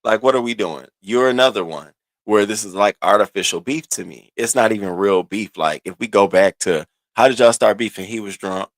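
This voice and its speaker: Animated man telling a story casually. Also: on the low side, brisk, no room sound. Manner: animated, restarts and stammers, swings into quoted voices. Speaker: streamer recounting online drama.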